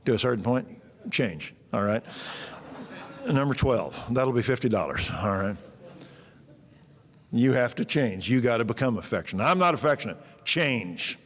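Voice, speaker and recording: A man's voice: medium pitch, animated, unhurried, long pauses. A man, preaching a sermon in a folksy, blunt and joking way. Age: 60s. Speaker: pastor. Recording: long church-hall reverb.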